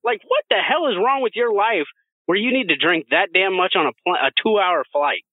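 Animated, profane man telling a story. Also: high-pitched, fairly quick, no echo. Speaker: podcast co-host. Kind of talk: casual storytelling chat. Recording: dry, phone-like narrow sound.

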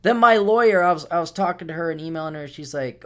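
A middle-aged man with a somewhat high voice, hosting a casual solo podcast. He rambles along sardonically, stumbling over his words and restarting his sentences often. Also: quick pace. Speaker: podcast host.

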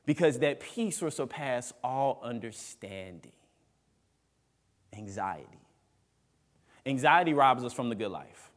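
A man's voice: mid-range voice, lively intonation, slow, long pauses, a bit bright. Preaching man in a reverberant hall. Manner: emphatic preaching with dramatic rises and drops. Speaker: pastor. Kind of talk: sermon. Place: church sanctuary.

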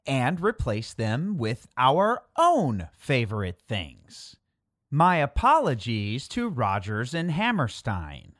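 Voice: mid-range voice, a bit bright, dry recording, clean studio sound. A performer reading old childhood writings aloud as comedy, wry and self-mocking. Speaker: comic reader of childhood writings. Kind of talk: comic reading.

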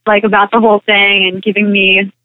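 A woman's voice: mid-range voice, fairly quick, no room sound. Young woman guest rambling thru a story, likes and ums everywhere, thin phone-line sound. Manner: rambling, full of "like" and "um", animated retelling. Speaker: interview guest, actress and singer. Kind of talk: casual interview chat.

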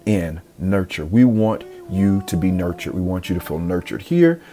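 A man's voice: deep voice, expressive, moderate pace, mellow, faint music behind. A man hosting a motivational podcast, earnest and emphatic, often repeating phrases for effect. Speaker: podcast host.

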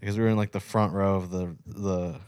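A man's voice: low voice, fairly even intonation, a little fast, darkish tone, smooth, no room sound, studio quality. A young man co-hosting a podcast, telling a story in casual, profane talk full of fillers.

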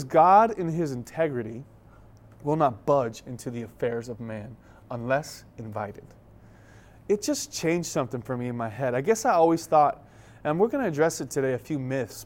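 With a fairly high-pitched voice, a young man preaches by animating the story and performing its scenes with a sense of fun. He comes across as a bit winded while he talks.

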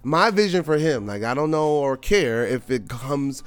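This man hosts a podcast and shares a family anecdote in a lively, chatty manner, full of fillers. He speaks at a measured pace with a clear, resonant, mid-range voice.

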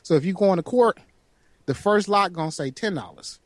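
Man, high lively voice, dry close sound, profane storyteller. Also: fairly quick, dry recording. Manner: animated, profane storytelling, acts out quotes. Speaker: podcast co-host. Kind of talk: casual storytelling chat.

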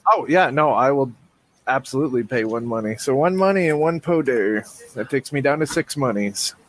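A man's voice: medium pitch, animated, normal speed, low-quality recording. Man thinking aloud in a tabletop game. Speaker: player. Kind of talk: casual tabletop game play.

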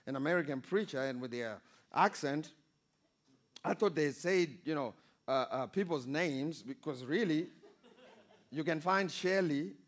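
A man preaching a sermon as pastor, calling for amens and swinging between loud exhortation and quiet storytelling. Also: fairly high pitch, unhurried, long pauses. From Zimbabwe. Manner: preaching with rising calls for amen and audience response.

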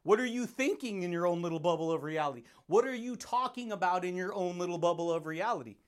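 A man's voice: sits high, animated, quick pace, clean tone. A man hosting a motivational podcast, talking in a hyped, laughing monologue that keeps calling the listener dude, buddy and baby.

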